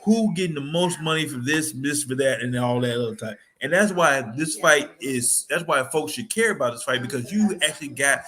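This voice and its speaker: A man co-hosting a sports podcast, chatting casually in an animated, rambling way full of slang. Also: medium pitch, a little fast, few pauses. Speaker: podcast co-host.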